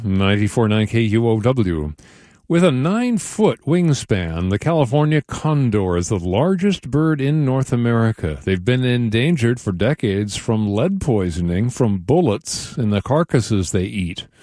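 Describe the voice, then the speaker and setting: A man announcing for a radio station, reading a promo in a measured way. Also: medium pitch, very animated, dark tone, no room sound, clean studio sound.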